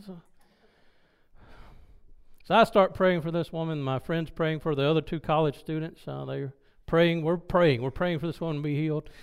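A man preaching in a smooth, clear voice that sits a bit high for a man. He tells a personal story with animated delivery and acts out each person's lines. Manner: animated storytelling with quoted dialogue; loud when excited. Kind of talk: sermon storytelling.

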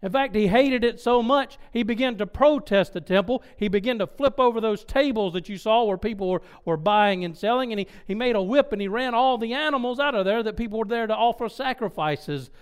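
Man, preacher, sermon storytelling, higher voice, clear resonant tone. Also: brisk, few pauses. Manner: retells a scripture story with voiced dialogue, chuckling asides.

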